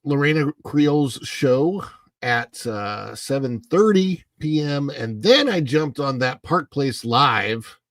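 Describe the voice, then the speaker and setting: A middle-aged man hosting a casual livestream from home, rambling in a sleepy, unhurried way with plenty of fillers as he greets viewers in the chat. He speaks into a clip-on mic close under his face. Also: medium pitch, animated, a bit bright, dry recording. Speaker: livestream host.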